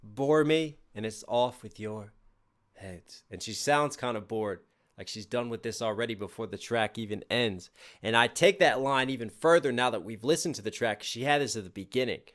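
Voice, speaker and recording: Excited man breaking down a track. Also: mid-range voice, a little fast. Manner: enthusiastic, thinks aloud and breaks down lyrics. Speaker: music reaction channel host. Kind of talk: casual music reaction commentary.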